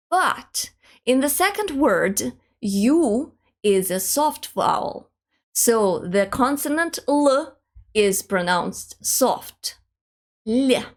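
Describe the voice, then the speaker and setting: Slow, careful woman language teacher. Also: on the high side. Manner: slow, careful demonstration of pronunciation. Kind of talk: online language lesson.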